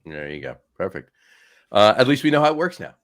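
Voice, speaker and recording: A man's voice: lowish voice, big pitch swings, fairly quick. A man hosting a casual sports podcast over a remote call, upbeat and laughing often. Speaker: podcast host. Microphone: remote call setup.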